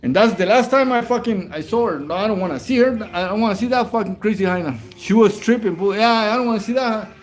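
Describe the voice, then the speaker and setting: A man's voice: high voice, fast, few pauses. A man from Southern California, chatting casually and profanely with his livestream viewers while eating at home, calling them bro and homie. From Whittier, Southern California. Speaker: livestream host. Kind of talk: late-night casual livestream chat.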